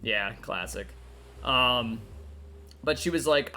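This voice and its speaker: A man's voice: mid-range voice, big pitch swings, moderate pace, sharp tone. A man from North Carolina streaming a detective game, chatting casually, joking and laughing often. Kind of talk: casual gameplay commentary.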